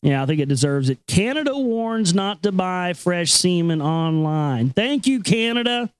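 A man's voice: high voice, big pitch swings, measured pace, clean tone, dry recording. A male talk show host who reads news items and rambles about them in a profane, casual way. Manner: profane, rambling, laughs often.

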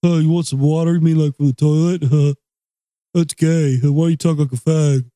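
A man's voice: a little high, steady tone, a little fast, dark tone, no room sound, clean studio sound, pitched below the performer's own voice, lightly acted. A man doing a dim, drawling hillbilly. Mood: mocking. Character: rude backwoods hillbilly man, slow-witted.

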